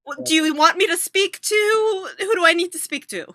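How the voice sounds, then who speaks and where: Gushing overeager mother, played by a woman; high, bright, dry close sound. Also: moderate pace, no echo. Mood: apologetic. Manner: gushing, fussy, eager to please. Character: doting, overeager mother of a grown son. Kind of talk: improv comedy scene.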